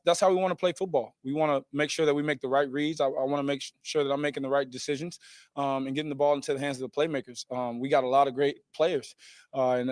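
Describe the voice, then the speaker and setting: A man answering reporters after a game, steady, with many fillers like um and you know. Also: medium pitch, no room sound. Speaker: quarterback at a press conference. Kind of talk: post-game press answers.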